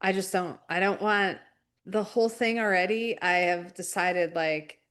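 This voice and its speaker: Low-voiced woman, reflective co-host. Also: a bit bright, clean tone. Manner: reflective, searching, halting phrases. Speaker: podcast co-host. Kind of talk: casual spiritual chat.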